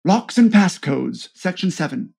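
A man voicing a calm, confident veteran male spy who explains things in a breezy, matter-of-fact way. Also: sits high, a little slow, vocal fry, breathy edge, exaggerated voice. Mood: cool.

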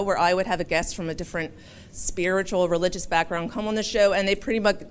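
A woman from Philadelphia giving a chatty, humorous public speech as a talk show host. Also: fairly low pitch. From Philadelphia, USA.

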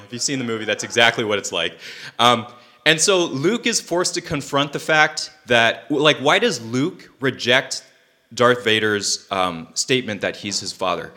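A man's voice: medium pitch, animated, moderate pace, sharp tone. A young man preaching a casual sermon, chatty and loose, with many fillers and joking asides.

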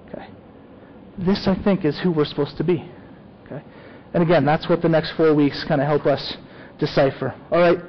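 A man's voice: high-pitched, dull audio. A man preaching a sermon as a pastor, talking conversationally and often checking in with "okay?".

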